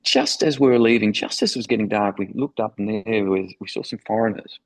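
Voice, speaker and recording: A man's voice: on the low side, brisk, poor audio. A middle-aged man from Australia with an Australian accent, a former foreign correspondent telling vivid stories with enthusiasm in an interview. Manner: enthusiastic, vivid anecdotal storytelling. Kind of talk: storytelling interview.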